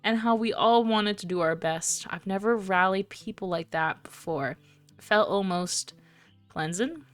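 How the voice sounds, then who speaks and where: A woman's voice: mid-range voice, a little slow, soft background music, lightly acted. A woman voicing an earnest young man with a put-on American country accent in a game.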